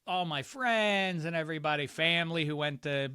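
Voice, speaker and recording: A middle-aged man from around Pittsburgh with a warped, hard-to-place American accent, chatting as a guest on a sports podcast, animated and jokey with quick comic impressions. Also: fairly high pitch, clear, resonant tone, dry recording, studio quality. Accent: warped, hard-to-place Pittsburgh-influenced American. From Pittsburgh area. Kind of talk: casual sports podcast chat.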